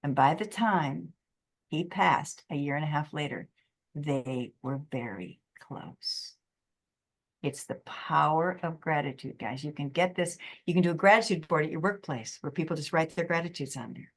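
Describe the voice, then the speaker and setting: A middle-aged woman giving a motivational webinar talk, acting out quotes in an animated way. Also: low voice, normal speed. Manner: lively, animated, acts out quotes. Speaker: presenter.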